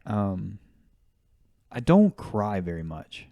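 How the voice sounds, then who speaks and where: A man's voice: fairly low pitch, sing-song, takes it slowly, gravelly, mellow, no echo, studio quality. A young man casually telling anecdotes as a podcast co-host, easygoing and chatty. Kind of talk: casual storytelling.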